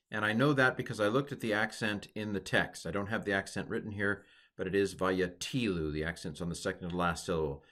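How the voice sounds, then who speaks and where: Male teacher, low voice, patient quizzing tone, recorded lesson. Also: fairly bright tone. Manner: patient, quizzing tone with pauses for the learner.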